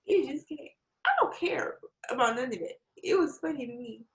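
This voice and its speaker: A woman in casual chat, retelling a story with lively acted-out quotes, swearing and laughing often. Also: high-pitched, normal speed, slight background noise, poor audio. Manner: animated storytelling, acts out quotes.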